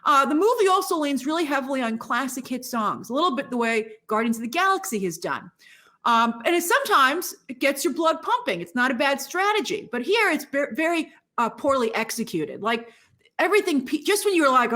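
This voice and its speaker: Bright, snarky high-voiced woman. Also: fairly quick. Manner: snarky, expressive. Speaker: film critic. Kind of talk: video review commentary.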